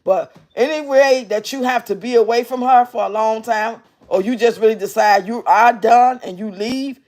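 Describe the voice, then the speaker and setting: A woman hosting a livestream, giving blunt, profane commentary and reading her chat out loud. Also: fairly high pitch. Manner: brash, profane, mocking. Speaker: livestream host reacting to clips.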